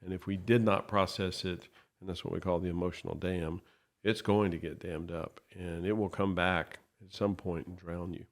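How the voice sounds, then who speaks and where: A man co-hosting a podcast, explaining his thoughts in a thoughtful, measured way. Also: deep voice, steady tone. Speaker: podcast co-host. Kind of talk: reflective podcast conversation.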